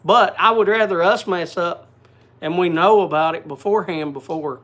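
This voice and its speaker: A man's voice: high voice, normal speed, fairly bright tone. A man hosting a casual livestream, chatting and greeting viewers by name. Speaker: livestream host. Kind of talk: casual chat.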